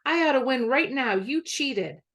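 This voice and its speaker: A woman voicing a suspicious, indignant young boy in a storybook reading, with a high, strained voice. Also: expressive, measured pace, a bit bright, exaggerated voice.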